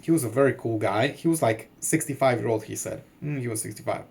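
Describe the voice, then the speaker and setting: A medium-pitched voice with vocal fry and a breathy edge, a little mellow, comes quickly from a vlogger in his thirties. He rambles through a long personal story, heavy with "like," other fillers, and swearing.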